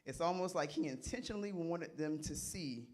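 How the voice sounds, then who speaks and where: A middle-aged man delivers an interactive sermon in a fairly high voice. He keeps it conversational and playful, quizzing the listeners and echoing their replies back to them. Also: moderate pace. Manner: conversational, asks the audience questions and repeats their answers; animated and playful, laughs often. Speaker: Bible study teacher.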